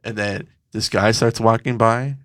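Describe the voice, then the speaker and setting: A man's voice: on the low side, fairly even intonation, a little slow, a bit bright. A man co-hosting a podcast, telling a story in casual chat, swearing a lot and acting out the voices of the people in it. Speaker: podcast co-host.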